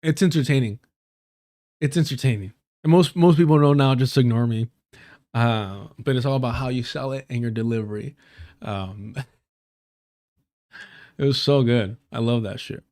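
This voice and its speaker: A man's voice: mid-range voice, unhurried, pauses often, a little mellow. Profane, joking man on a live stream. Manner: profane, joking, uses a lot of slang. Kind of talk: casual storytelling on a live stream.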